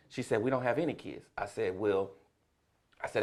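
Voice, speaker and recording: A man's voice: lowish voice, normal speed. A middle-aged man, a comedian, telling a story in a casual chat and laughing through the punchlines. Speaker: comedian guest.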